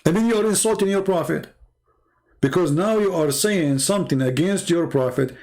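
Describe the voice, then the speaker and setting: Combative man, rather high voice. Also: a little mellow. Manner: mocking, argumentative, rapid-fire rhetorical questions. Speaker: livestream debate host. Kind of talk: combative livestream commentary.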